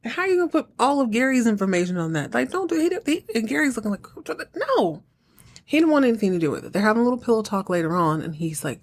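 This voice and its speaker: A woman hosting a podcast, telling a comic episode recap in an animated, chatty way with laughter. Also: on the high side, quick pace. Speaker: podcast host.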